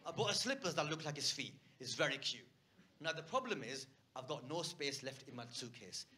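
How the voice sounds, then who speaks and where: A man doing stand-up, telling a story and acting out a shouting argument. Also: fairly high pitch, very animated, a little fast. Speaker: stand-up comedian. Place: comedy stage before a live audience.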